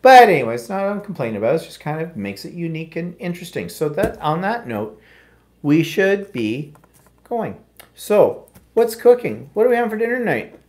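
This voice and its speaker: A man's voice: on the high side, sing-song, fairly quick, darkish tone. A middle-aged man with an Ontario Canadian accent, co-hosting a casual live chat in a wry, self-deprecating way. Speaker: co-host.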